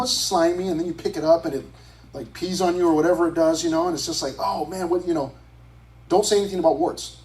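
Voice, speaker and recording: A man's voice: sits high, darkish tone, recorded from a distance, poor audio. A man, a youth pastor, teaching scripture to a group in a casual, conversational way, often restarting his sentences.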